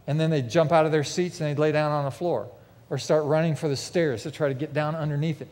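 A man preaching with vivid, emphatic storytelling, his voice sitting a little high for a man. The sound carries a long reverb from a big church hall with a mezzanine. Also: steady tone, fast, darkish tone. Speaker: pastor. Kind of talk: sermon.

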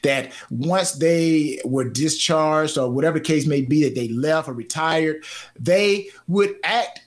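High-voiced, laughing male host. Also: measured pace. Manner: animated, laughs often, repeats phrases. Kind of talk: casual radio chat.

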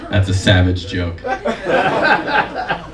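Forties male comic, dry self-mocking stand-up delivery, heard from far off in a roomy club. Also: drawn-out words. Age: 40s. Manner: self-deprecating, deadpan delivery with high put-on voices for quoted people. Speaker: stand-up comedian. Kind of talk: stand-up comedy set. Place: comedy club stage with live audience. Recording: roomy, distant mic, crowd audible.

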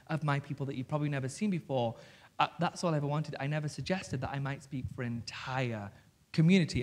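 A man, telling stories on stage as a guest author, animated and swearing freely. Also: mid-range voice. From South Yorkshire, England. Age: 30s. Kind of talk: candid storytelling on stage. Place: stage before an audience.

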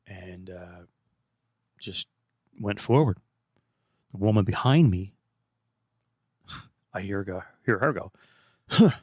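A man's voice: deep voice, takes it slowly, long pauses, darkish tone, breathy edge, dry recording, studio quality. A man hosting a podcast, telling casual, rambling anecdotes in a laid-back, chatty way. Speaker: podcast host. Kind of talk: casual storytelling monologue.

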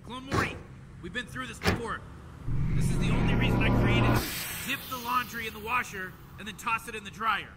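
A man's voice: extremely high pitch, brisk, in a large hall, over loud music. An actor playing a smug, scheming old male mad scientist in a video game, explaining things in a rambling, offhand way. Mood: instructing. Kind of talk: video game character dialogue.

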